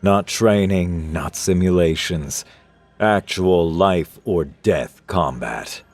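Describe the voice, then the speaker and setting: Male narrator as veteran drill instructor: clipped, dry, low voice. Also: takes it slowly, a little mellow, faint music behind.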